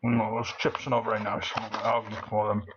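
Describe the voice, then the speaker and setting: A man's voice: on the low side, monotone, brisk, lo-fi sound, background noise. A man doing casual gameplay commentary with a cold, rambling in a manic way and laughing often. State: has a cold. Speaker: let's play commentator.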